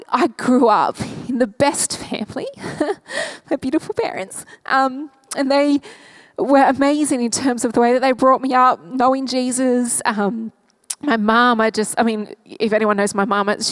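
A woman pastor speaking to her congregation in an earnest, open-hearted way, first in prayer and then in a sermon. Her voice sits a little higher than most women's, and the sound is dry and close with almost no room echo. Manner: earnest and candid, talking openly from the heart. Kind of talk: church service prayer and sermon.

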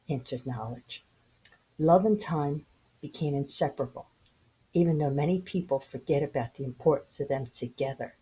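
A woman in her sixties hosting her own podcast, gently telling a parable in an unhurried, reflective way. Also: very deep voice, slightly rough. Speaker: podcast host. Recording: dull lo-fi home recording.

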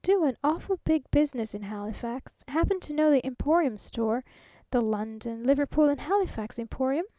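Chatty, earnest middle-aged salesman, folksy, high and dry, read by a woman. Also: animated, moderate pace, dark tone, dry recording.

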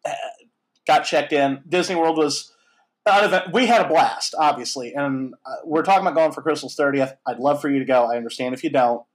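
Brief: thirties male host, upbeat raconteur, slightly high voice, loose and chatty. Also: brisk, rough recording. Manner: animated, lively storyteller with frequent fillers and mild swearing. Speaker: podcast host. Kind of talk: casual storytelling chat.

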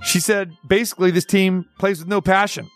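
Male sports talk host, high voice, chatty and rambling, faint music bed. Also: fairly even intonation, brisk. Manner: chatty, rambling, restates points. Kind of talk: casual sports talk commentary.

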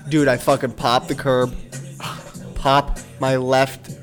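A man's voice: mid-range voice, flat delivery, slow pace, faint music behind. A man co-hosting a podcast, telling a profane story in casual chat and acting out the voices. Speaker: podcast co-host.

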